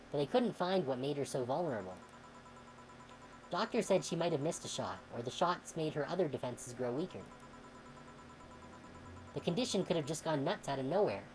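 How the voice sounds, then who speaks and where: A woman streamer reading a game's dialogue aloud, expressive and sometimes heated. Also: low-pitched, slight background noise, low-quality recording. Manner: expressive, swings into heated outbursts when reading.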